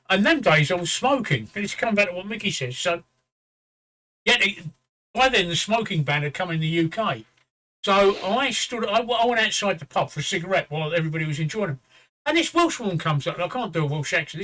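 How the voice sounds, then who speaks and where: Middle-aged English host, high and bright, rambling anecdotal storyteller. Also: male voice, animated, fast talker, low-quality recording. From England. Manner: swearing, repeats "right?" as a tag; quotes others in a raised voice. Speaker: show host. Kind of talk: casual storytelling chat.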